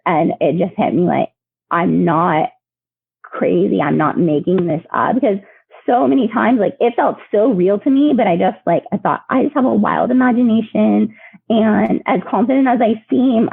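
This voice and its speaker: A woman guest sharing personal stories in a lively, chatty way, with many fillers and laughs, heard over a remote call. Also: medium pitch, creaky, husky, dry recording. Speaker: podcast guest. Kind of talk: emotional storytelling. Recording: tinny phone line.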